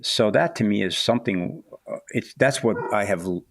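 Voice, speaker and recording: Man, 60s, author guest on a podcast, deep gravelly voice, dry close sound, reflective and halting. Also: no echo. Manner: thoughtful, halting, many restarts and "you know"s. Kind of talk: reflective interview talk.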